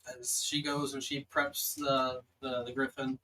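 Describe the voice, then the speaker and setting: A man's voice: medium pitch, level tone, unhurried, sharp tone, recorded from a distance, slight background noise, low-quality recording. A man running a tabletop game as dungeon master, narrating loosely with many fillers.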